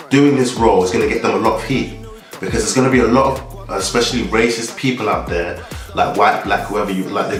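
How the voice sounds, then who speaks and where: A man's voice: lowish voice, reverberant. A young man from Nigeria giving a rambling, casual vlog monologue full of restarts and fillers.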